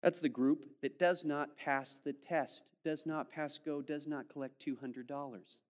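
Animated preacher man in a reverberant hall. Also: a little high, a little slow. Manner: animated, acts out listeners' voices, swings from loud to hushed. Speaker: pastor. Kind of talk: sermon.

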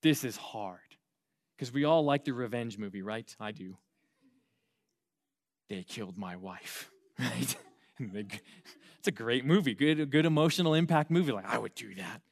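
A young adult man from the United States preaching an earnest sermon to young people, swinging between loud emphasis and quiet asides. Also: mid-range voice, animated, normal speed, creaky. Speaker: youth pastor.

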